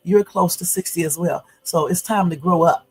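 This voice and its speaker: A woman's voice: on the low side, moderate pace, darkish tone, slightly rough, soft background music, poor audio. A woman in her fifties hosting a casual livestream from home, chatty and full of fillers, turning blunt and confrontational. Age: 50s. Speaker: YouTube livestream host.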